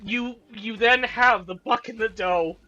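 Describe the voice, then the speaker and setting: A woman hosting casual film commentary, excitable and profane, with emotional outbursts. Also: on the high side, unhurried, lo-fi sound. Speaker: channel host reviewing films.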